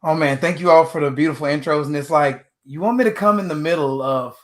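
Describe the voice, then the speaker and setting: An energetic man delivers a motivational talk with a preacher-like push, his voice sitting a little high for a man. He speaks as a guest on a video call panel. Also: fast. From Texas.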